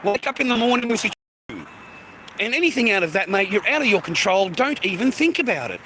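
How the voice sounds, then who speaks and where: A man's voice: sits high, lively intonation, a little fast, sharp tone, a little hiss or hum. Blunt, profane Australian man in his fifties. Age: 50s. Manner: blunt, profane, repetitive, calls listeners mate. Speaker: livestreamer. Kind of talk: ranting street livestream.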